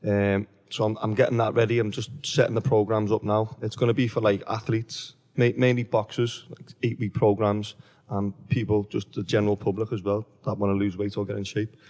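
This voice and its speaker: A man's voice: lowish voice, level tone, fairly quick, few pauses, a little mellow, long reverb tail. A man who works as a fitness trainer, a guest in a casual chat, talking plainly in short matter-of-fact remarks.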